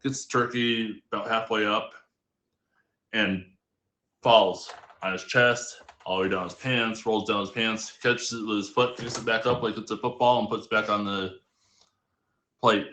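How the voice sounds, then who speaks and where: A man tells a story on a live stream, rambling and correcting himself as he goes. His voice is low, flat and bright-edged. The room around him is echoey. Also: normal speed. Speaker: storytelling guest. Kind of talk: casual told anecdote. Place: home streaming setup.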